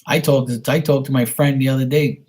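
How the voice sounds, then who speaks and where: Blunt, husky-voiced man on stream. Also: medium pitch, little pitch movement, fairly quick, a little mellow. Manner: blunt, profane, rambling. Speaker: live stream host. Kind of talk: casual live chat with viewers.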